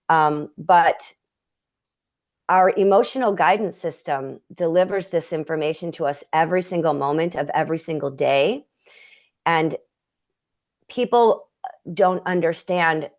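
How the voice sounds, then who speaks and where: Low-voiced woman telling a personal story. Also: measured pace. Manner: earnest, emotional storytelling with many restarts. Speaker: guest healer.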